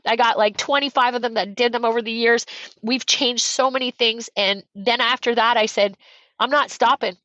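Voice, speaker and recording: High-energy canadian woman coach telling her story, bright tense voice, dry dull podcast sound. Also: steady tone, moderate pace, no echo. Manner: high-energy, fervent, repeats phrases for emphasis. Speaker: real estate coach and guest. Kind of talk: emotional storytelling in a podcast interview.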